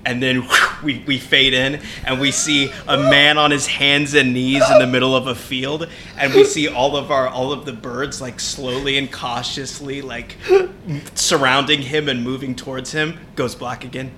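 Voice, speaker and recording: A man, a podcast guest, pitching a movie trailer in a rambling, animated way, swearing often. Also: normal speed, background noise. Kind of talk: casual chat, pitching a movie.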